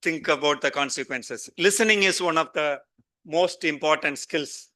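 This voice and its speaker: A man's voice: a little high, moderate pace, sharp tone. A middle-aged man with an Indian English accent giving a conversational conference lecture, putting questions straight to his audience.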